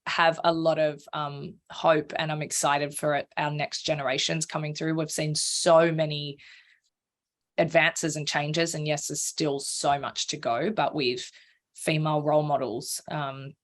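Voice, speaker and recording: A woman speaking as a podcast guest, frank and animated, swearing freely and acting out her own inner voice. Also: low-pitched, measured pace. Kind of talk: candid conversational interview.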